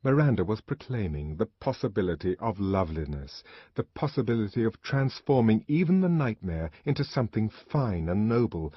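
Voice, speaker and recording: A man reading an audiobook with an expressive, dramatic delivery. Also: lowish voice, moderate pace, hardly any pauses, husky, no echo. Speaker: audiobook narrator. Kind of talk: audiobook narration. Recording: dull, dry lo-fi recording.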